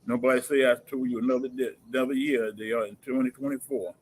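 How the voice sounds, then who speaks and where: A man's voice: medium pitch, level tone, quick pace, poor audio. A man hosts a community talk show in a mid-range voice, stopping often to search for words. He laughs easily between phrases. There is a faint hum of background noise behind him. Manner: hesitant, many uh fillers, laughs easily. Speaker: host.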